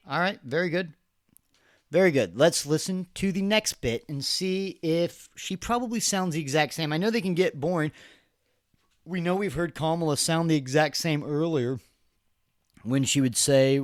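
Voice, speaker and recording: A man in his thirties hosts a podcast, offering rambling, sarcastic political commentary full of laughs and restarts. His voice is on the high side at a moderate pace, recorded in clean studio sound with no echo.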